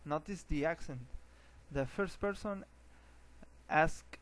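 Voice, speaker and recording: Slow, hesitant male teacher. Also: a little high, poor audio. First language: Spanish. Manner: hesitant, repeats words, many fillers. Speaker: English teacher. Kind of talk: recorded English lesson.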